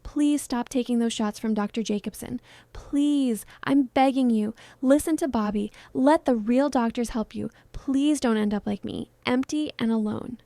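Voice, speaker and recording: A woman reading as a heartbroken film star in her thirties, soft and pleading in a storybook retelling. The voice sits a little high with a mellow, warm tone. It is close and dry, with no room sound. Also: moderate pace, dry recording, natural voice. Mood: tender.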